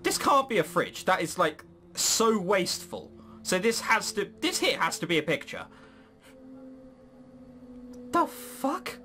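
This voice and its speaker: A man's voice: high voice, sing-song, normal speed, pushed and bright, faint music behind. A man playing a visual novel and commenting with laughing, swearing disbelief. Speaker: game commentator. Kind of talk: let's play commentary.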